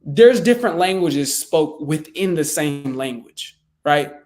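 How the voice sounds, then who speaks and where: A man's voice: on the high side, lively intonation, measured pace, darkish tone. A man coaching real estate sales in a loose, conversational way with frequent fillers and restarts. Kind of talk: casual teaching talk.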